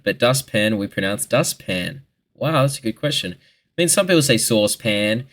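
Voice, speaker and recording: A man's voice: on the low side, normal speed, fairly bright tone. A twenty-year-old Australian man answering viewer questions in a rambling, joking casual chat, swearing freely.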